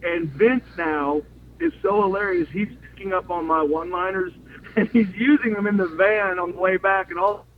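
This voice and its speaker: Over phone-line audio with faint noise, a former wrestler with a high voice tells long stories in a casual interview at normal speed. He's an animated storyteller who acts out quotes and laughs often.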